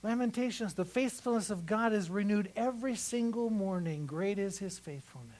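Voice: medium pitch, moderate pace, darkish tone, rough recording. A pastor preaching a sermon in a conversational way, repeating phrases for emphasis at a church service.

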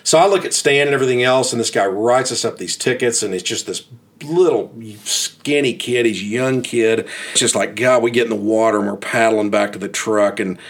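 Man, mid pitch, casual storyteller; worked up, stumbling restarts. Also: a little fast. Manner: animated, exasperated, frequent restarts.

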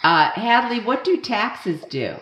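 A woman's voice: a little high, very animated, slow, a bit bright. A woman interviewing children with playful questions and frequent laughter, speaking into a microphone. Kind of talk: casual question-and-answer with kids. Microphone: studio microphone. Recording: roomy echoey room.

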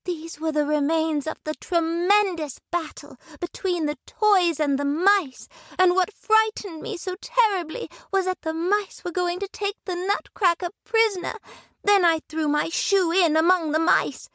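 A woman's voice: a little slow, a bit bright, no room sound, clean studio sound, heavily acted. A woman voicing a frightened, pleading young girl in a storybook reading. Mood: tearful. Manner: high, tearful and breathless.

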